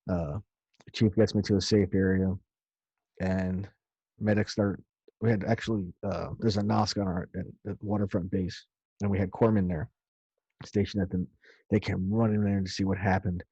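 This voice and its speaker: A man's voice: sits low, flat delivery, normal speed, dark tone, slightly rough, dry recording. A man casually recounting a story of his own in a loose, rambling way, with some swearing. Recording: dull lo-fi dry recording.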